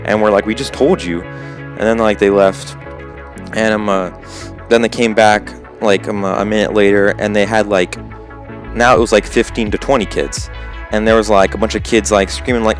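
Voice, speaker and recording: A man's voice: lowish voice, flat delivery, moderate pace, soft background music. Rambling teen guy telling a story. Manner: rambling, full of "like" and "um". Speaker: gaming channel host. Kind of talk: casual storytelling to camera.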